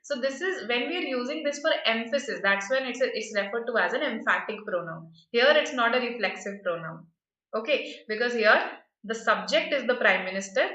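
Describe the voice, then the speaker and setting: A woman's voice: a little high, animated, brisk, pushed and bright, reverberant, highs cut off. A woman teaching a grammar lesson for exam prep, explaining patiently and often checking with "right?".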